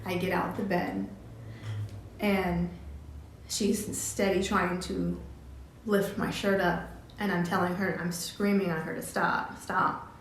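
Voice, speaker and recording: Woman vlogger, halting speech, lots of fillers, very echoey room, faint hum. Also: fairly low pitch, flat delivery. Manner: halting, many restarts and "like" fillers. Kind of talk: personal storytelling vlog. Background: cat drinking from water fountain.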